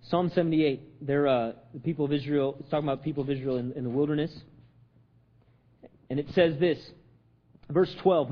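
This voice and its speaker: A man preaching a sermon, firing off repeated rhetorical questions and swinging from loud, emphatic lines to hushed ones. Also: on the high side, a little fast, long pauses, lo-fi sound. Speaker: pastor.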